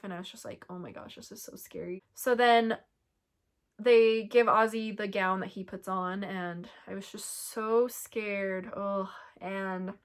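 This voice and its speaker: A young woman telling her birth story to camera in a chatty, emotional way, full of filler words. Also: medium pitch.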